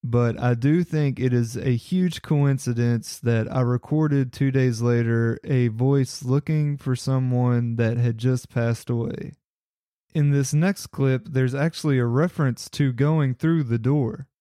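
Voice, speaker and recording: Earnest man with a dark, dry voice. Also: mid-range voice, steady tone, measured pace, no echo. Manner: earnest, speculative, reflective. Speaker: paranormal investigator. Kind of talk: casual narration over audio clips.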